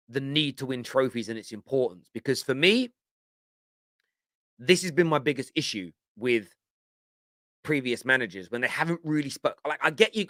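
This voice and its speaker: A man's voice: mid-range voice, pushed and bright, no echo, clean studio sound. A man giving a passionate, emphatic fan reaction on a live football stream. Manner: passionate, emphatic, repeats himself. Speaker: fan channel pundit.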